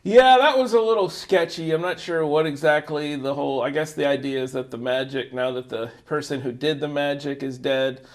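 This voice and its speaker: Male co-host with a slightly high voice, loose and jokey review banter. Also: fairly even intonation, moderate pace, few pauses. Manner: jokey, laughs often, rambling asides; does mock voices when joking. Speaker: co-host of a movie review show. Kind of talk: casual movie review chat.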